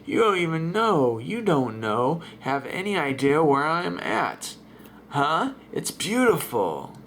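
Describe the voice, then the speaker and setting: A man voicing a rambling, excited middle-aged radio caller who talks slowly and halting, repeating himself in a comic voice-over dub. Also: a little high, vocal fry, slight background noise, pitched above the performer's own voice, heavily acted. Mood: insistent.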